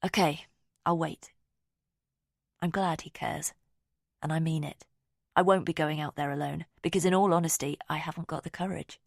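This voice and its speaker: Woman, audiobook narrator, calm measured reading, first-person, close dry sound, slight fry. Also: deep voice, dry recording.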